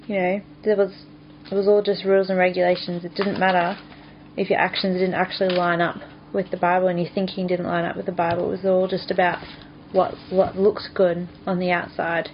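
A woman's voice: fairly low pitch, little pitch movement, brisk. A woman in casual conversation, sharing her thoughts in a reflective, hesitant way with many fillers. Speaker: Christian podcast co-host. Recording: dull lo-fi sound with faint hiss.

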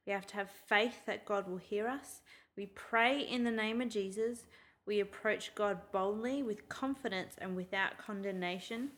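A woman hosting a church podcast, chatting casually and leading the discussion with frequent pauses and "um"s. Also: medium pitch, fairly bright tone. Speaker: podcast host.

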